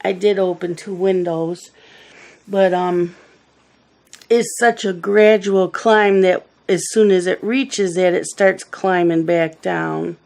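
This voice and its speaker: A middle-aged woman hosts a coloring video, chatting casually and spinning rambling family stories as she works. Her voice is fairly low, gravelly and a little mellow, with a steady tone and slow pace.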